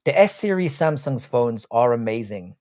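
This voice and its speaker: A man's voice: medium pitch, very animated, normal speed, a little mellow. A young man hosting a live stream, reading out viewer comments and answering them with crude, cocky banter and calling himself "your boy". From Britain. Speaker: livestream host.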